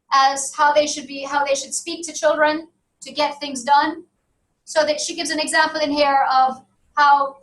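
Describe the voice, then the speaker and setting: A woman's voice: high-pitched, fairly bright tone. A woman lecturer teaching a university class, talking in loose, self-correcting sentences and checking in with "okay?". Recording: roomy classroom audio from a distance.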